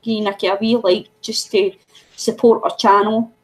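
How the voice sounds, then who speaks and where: A woman's voice: medium pitch, little pitch movement, normal speed, poor audio. A middle-aged Scottish woman hosting a casual craft livestream, chatting in a loose, rambling way. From Scotland. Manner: chatty, rambling, coos at her pet. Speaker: craft channel host.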